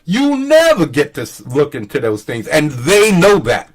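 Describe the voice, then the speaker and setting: A man on his own show, talking casually and with open scorn, swearing and laughing as he goes. His pitch sits a touch high and swings widely up and down. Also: wildly swooping pitch, measured pace. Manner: scoffing, profane, laughs often. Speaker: commentary channel host. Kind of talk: casual ranting commentary.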